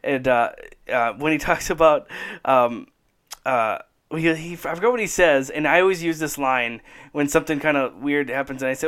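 A man co-hosting a casual chat, excited and laughing often, acting out bits in high voices. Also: moderate pace, clear, resonant tone. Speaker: podcast co-host.

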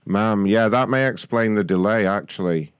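A man hosting a radio prank call, talking in a deadpan, mock-official way. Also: on the low side, moderate pace, clear, resonant tone, no echo.

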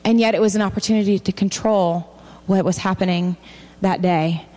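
Her tone steady and dark, a woman speaks at normal speed from a church pulpit, her words trailing off into long reverb in the big hall. She reads from scripture and acts out the quoted figures by raising her pitch.

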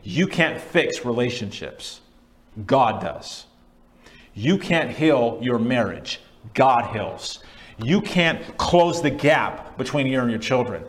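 Male pastor, sermon, emphatic, repeats phrases, casual asides, mid-pitched voice. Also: animated, slow. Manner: conversational asides.

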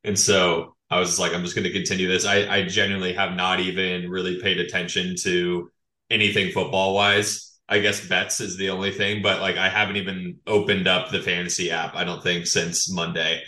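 A man guest on a podcast talking in a relaxed, easygoing way. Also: sits low, fairly quick, echoey room. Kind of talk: casual podcast chat.

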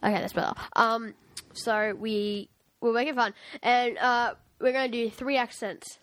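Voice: medium pitch, steady tone, unhurried, a bit bright, no echo. A podcast co-host chatting casually, rambling through explanations and tech news.

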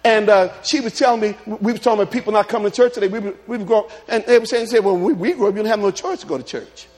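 A man preaching a lively sermon, telling humorous stories and calling out to his congregation. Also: high voice, rapid-fire. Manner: animated preaching with humorous stories and call-outs. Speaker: pastor.

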